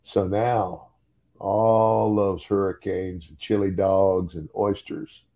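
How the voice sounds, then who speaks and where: A man's voice: low-pitched, flat delivery, slow pace, warm tone. An older man and former wrestler telling a story in casual chat, chuckling often and repeating words as he goes.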